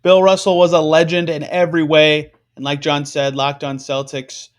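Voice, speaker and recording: A man's voice: a little high, little pitch movement, moderate pace. A man hosting a sports podcast, talking conversationally with frequent fillers. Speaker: podcast host. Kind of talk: casual sports podcast discussion.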